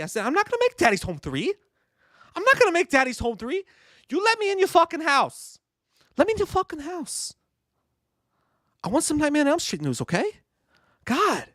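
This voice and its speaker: A man's voice: very high-pitched, fairly bright tone, no echo, studio quality, voice pushed up, full character voice. A man doing a comedic impression of a ranting, swaggering middle-aged celebrity with a Boston accent, full of profane repetition.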